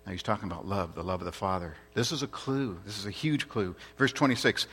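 A man's voice: fairly low pitch, animated, quick pace, few pauses, fairly bright tone, slightly rough. A man preaching a sermon in an earnest, emphatic way, repeating his points and asking rhetorical questions.

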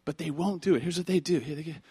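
A man preaching a sermon as pastor, animated, acting out quick character voices and swinging from soft asides to loud emphasis. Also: fairly high pitch, husky, no room sound, clean studio sound. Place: church.

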